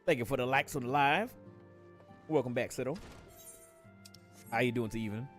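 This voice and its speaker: Laid-back, swearing gamer streamer. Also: male voice, medium pitch, normal speed, soft background music. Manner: relaxed, profane, laughs often. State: has a headache. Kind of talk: casual live stream chat while gaming.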